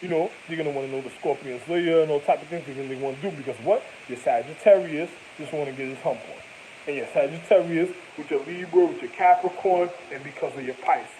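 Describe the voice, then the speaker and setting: A man's voice: a little high, fast, mellow, slight background noise, low-quality recording. A man in a rambling, profane monologue that jumps from topic to topic.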